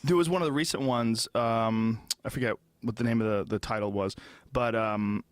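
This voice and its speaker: A man hosting a podcast, chatting casually, joking and profane, telling animated stories. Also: fairly low pitch, normal speed, dry recording. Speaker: podcast host. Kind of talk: casual chat.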